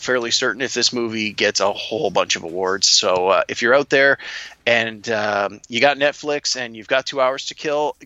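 Podcast co-host, male, bright-voiced and hesitant, recorded dry and a little muffled. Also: mid-range voice, no room sound. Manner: hesitant, halting movie reviewer. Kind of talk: casual chat.

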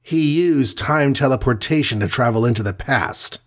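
A man voicing a calm armored hero. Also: mid-range voice, normal speed, lightly acted. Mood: reasoning. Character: armored male superhero, calm and commanding.

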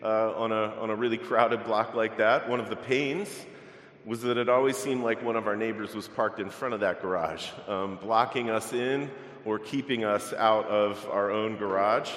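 In a large church sanctuary, a middle-aged pastor reads scripture and tells a personal story, preaching conversationally with fillers. His voice is lowish and fairly bright at a moderate pace, and the hall echoes with long reverb.

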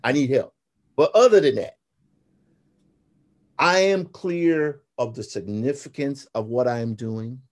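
A man's voice: mid-range voice, measured pace, long pauses. A man in his fifties, a graphic novelist and podcast guest, telling stories animatedly and acting out the quotes. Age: 50s. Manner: animated storyteller, acts out quotes. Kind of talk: casual podcast conversation.

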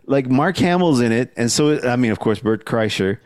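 A man's voice: medium pitch, expressive, moderate pace, crowd noise. A young man co-hosting a podcast, chatting casually about a movie, laid-back, laughing often and swearing freely. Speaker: podcast co-host. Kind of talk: casual chat.

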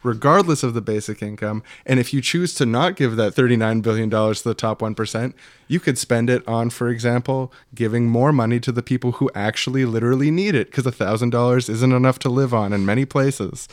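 A man's voice: medium pitch, fairly quick, no room sound, studio quality. A man arguing politics in casual chat, sarcastic and pointed, swearing now and then.

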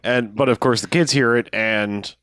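A man co-hosting a podcast, casually retelling a movie plot with lots of fillers and quick voiced quotes. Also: medium pitch, fairly even intonation, fairly bright tone, dry recording. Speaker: podcast co-host. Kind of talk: casual chat recapping a movie.

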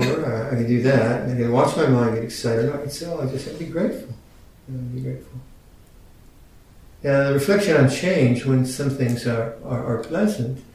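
Recorded from far off in a big, very echoey room with a faint rumble, a Buddhist teacher in his sixties delivers a dharma talk. His tone is mellow, and he speaks slowly and haltingly, with gentle humor.

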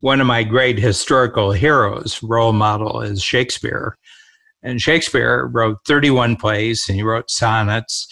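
A man's voice: medium pitch, steady tone, measured pace, vocal fry, pushed and bright. An older man, a co-host, talking in a reflective, storytelling manner in a casual conversation.

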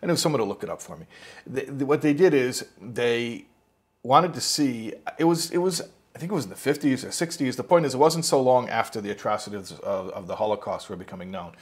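A man with a husky, slightly breathy voice teaches an informal religious lesson. He rambles through a story with restarts and asides. He slips into little acted-out voices for the people in it, at a middle pitch. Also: a little fast. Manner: animated storytelling, acts out quotes.

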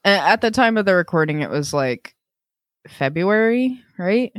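A man's voice: sits high, very animated, moderate pace, fairly bright tone, dry recording. Easygoing guy on a podcast, jokes around, lots of likes and ums, dry sound. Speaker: podcast co-host. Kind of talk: casual chat.

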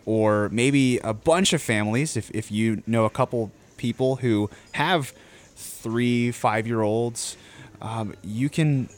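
A man's voice: mid-range voice, takes it slowly. A man co-hosting a podcast in easygoing casual chat with dry humor. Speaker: podcast co-host.

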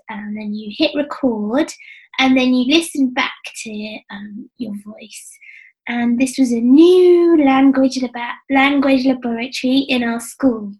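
A woman in her forties with an English accent speaks in a relaxed, chatty way. Her voice sits a little high and sounds young, almost childlike. She tells her story with self-deprecating humour and frequent laughter. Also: low-quality recording. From England. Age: 40s. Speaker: business coach. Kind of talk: casual interview. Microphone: headphones with mic.

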